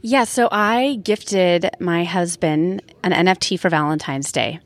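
A woman's voice: on the low side, measured pace. Chatty woman guest explaining things. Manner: chatty, explanatory, with fillers and light laughs. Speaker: podcast guest. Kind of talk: casual conversation at a live event.

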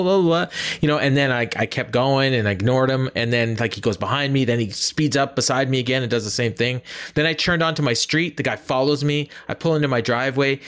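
A man's voice: mid-range voice, fairly bright tone. A man from Canada co-hosting a casual sports podcast, rambling with many fillers and restarts. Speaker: podcast co-host.

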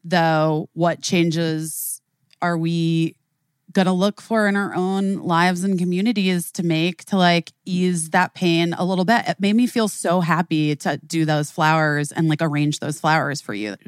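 Woman host from Chicago, lower register, animated rambling storyteller, dry close mic. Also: unhurried, clean tone, no room sound. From Chicago, USA. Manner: animated storyteller, heavy "like" fillers, casual swearing. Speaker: podcast host. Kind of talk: casual podcast chat.

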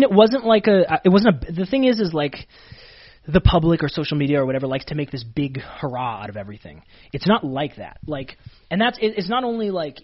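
A husky-voiced man from Canada tells his stories quickly and keeps restarting his sentences as he goes. The sound is dull and lo-fi. He is a wrestler guest in a relaxed sit-down interview. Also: a little high. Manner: animated storyteller, many fillers and restarts. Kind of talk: casual interview storytelling.

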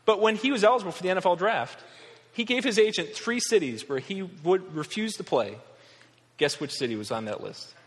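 A pastor in his thirties from Western New York delivers a sermon, his voice sitting a little high for a man. He sounds earnest and conversational, with touches of wry humor. A long reverb trails his words through a large church hall. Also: animated, a little fast.

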